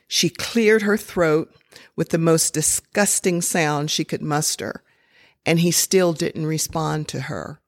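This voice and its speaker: A woman telling a true story in a slow, deliberate, expressive sermon style. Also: fairly low pitch, dry recording, clean studio sound.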